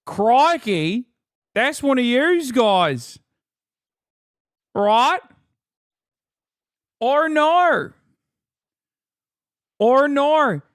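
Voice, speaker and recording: A man's voice: extremely high pitch, very animated, extremely slow, long pauses, no echo, clean studio sound, pitched above the performer's own voice, exaggerated voice. A man doing a hearty mock Aussie bloke. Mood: teasing. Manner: exaggerated, jokey.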